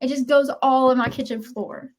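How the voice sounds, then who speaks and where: A woman chats casually on a video call, her voice a little high. She tosses in quick apologetic asides. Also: fairly even intonation. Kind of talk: casual chat.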